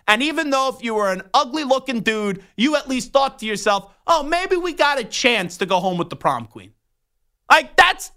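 Guy on sports talk radio, sharp bright voice, rambles through stories w lots of restarts. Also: very high-pitched. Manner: animated storytelling with rambling restarts. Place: radio studio.

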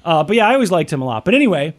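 A middle-aged man co-hosting a casual podcast, telling animated stories with swearing. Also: on the high side, rapid-fire. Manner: animated storytelling, swearing, mimics others. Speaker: podcast co-host.

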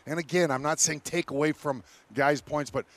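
Animated male hockey panelist. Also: fairly high pitch, moderate pace, dry recording. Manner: animated storyteller, laughs often. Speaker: former hockey player and panelist. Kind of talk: casual sports talk.

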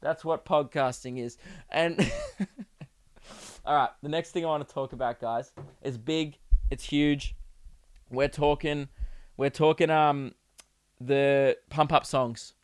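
A young man hosting a comedy podcast, riffing in a profane, laughing, animated way. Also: a little high, slow, long pauses, clear, resonant tone, no echo, clean studio sound. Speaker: podcast host. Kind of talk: solo comedy podcast rant.

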